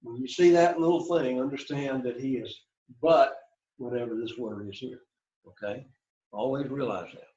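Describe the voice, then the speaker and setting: A man lectures to a Greek class in a roomy classroom, recorded with a dull, lo-fi sound. He talks at a middle pitch, repeats key phrases, and keeps checking in with the students. The room's echo hangs on his voice. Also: moderate pace, dark tone. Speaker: Greek teacher.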